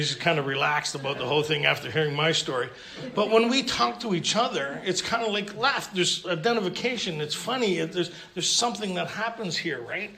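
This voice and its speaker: A man's voice: on the high side, gravelly, sharp tone. A man telling his story at a recovery meeting, humorous and self-mocking, stammering and restarting as he goes. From Canada. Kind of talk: storytelling talk at a recovery convention. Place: convention hall with audience.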